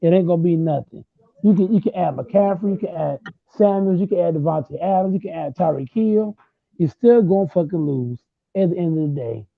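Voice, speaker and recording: High, gravelly trash-talking man on a tinny line. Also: a little fast, no room sound. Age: late 20s. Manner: loud, repetitive, trash-talking. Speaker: host. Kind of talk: heated casual sports argument. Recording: tinny phone-like sound.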